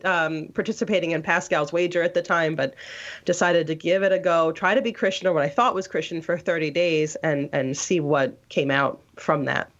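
A woman's voice: sits low, moderate pace. A woman telling her story in a casual interview, rambling, with many restarts and fillers. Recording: dull lo-fi audio.

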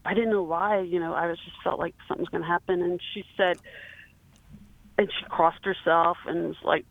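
Halting woman caller on a tinny phone line. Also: on the low side, steady tone, gravelly. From South Carolina. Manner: halting, many fillers and restarts. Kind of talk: phone-in call, telling a personal story.

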